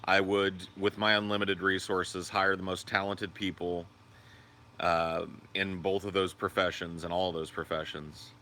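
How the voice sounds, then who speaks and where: A man's voice: level tone, measured pace, pushed and bright, a little hiss or hum. A man hosting a casual livestream, rambling and cursing while he answers viewer comments. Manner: high sing-song baby talk to his dog. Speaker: livestream host.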